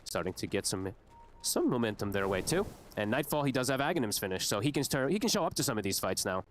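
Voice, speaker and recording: A man calling an esports match live, analyzing each play quickly. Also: medium pitch, big pitch swings, background noise. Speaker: esports caster. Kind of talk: play-by-play commentary.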